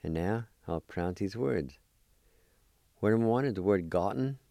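A man's voice: fairly low pitch, animated, normal speed, gravelly, mellow, no echo. A man teaching a language lesson, carefully spelling out and repeating words for learners.

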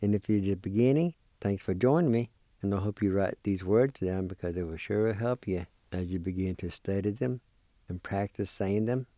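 A man gives a patient vocabulary lesson, spelling each word letter by letter and saying it slowly. His voice sits a bit low, with a warm, mellow tone. The recording is close and dry. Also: dry recording. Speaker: language teacher. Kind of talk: slow spelling and pronunciation lesson.

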